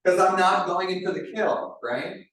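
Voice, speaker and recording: A man's voice: sits high, normal speed, a bit bright. Man coaching a group in an echoey room. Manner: chatty, ends many phrases with "right?". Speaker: wellness coach leading a demonstration. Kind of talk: live demonstration for a group. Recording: very echoey room, mic far off.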